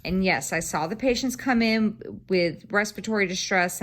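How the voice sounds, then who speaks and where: A woman's voice: medium pitch, moderate pace, a bit bright. A woman, chatting casually to a camera on a stand while she crafts, rambling and swearing freely. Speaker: craft vlogger.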